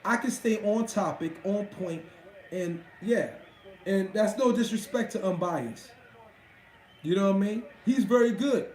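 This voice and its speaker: A man's voice: sits high, a little slow, darkish tone, roomy sound, low-quality recording. A man hosting a live stream, chatting casually with his viewers in a profane, boastful way. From Washington D.C.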